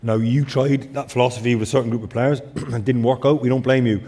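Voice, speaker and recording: Brief: former pro turned pundit, rapid-fire animated chat, mid pitch. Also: male voice. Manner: animated, quick storytelling with repeated fillers. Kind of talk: casual football chat.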